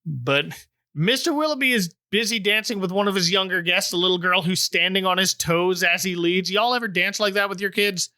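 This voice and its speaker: A man's voice: sits high, brisk, pushed and bright, dry recording, studio quality. A middle-aged man hosting a casual chat recap, wry and joking. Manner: wry, joking, puts on silly voices for quotes. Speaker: podcast host recapping a TV special.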